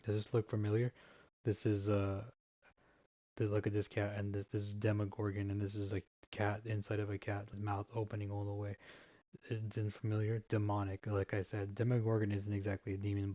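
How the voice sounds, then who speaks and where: Guy mumbling thru a jokey slideshow, low flat voice, dull lo-fi sound, keeps restarting. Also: no echo. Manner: rambling, halting, with frequent restarts. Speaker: presenter. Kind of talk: casual joke slideshow presentation.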